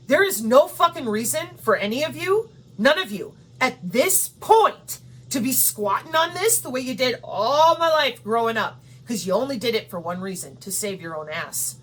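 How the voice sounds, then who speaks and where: Husky, profane ranting woman. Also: medium pitch, fairly bright tone. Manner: profane and confrontational. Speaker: channel host. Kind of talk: ranting monologue.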